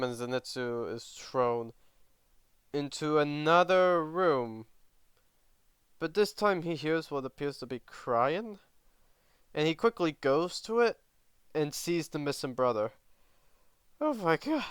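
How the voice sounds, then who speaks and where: A man's voice: medium pitch, fairly bright tone, clean tone, no room sound, studio quality. A man casually narrating a fan story, chatty and self-correcting with side comments.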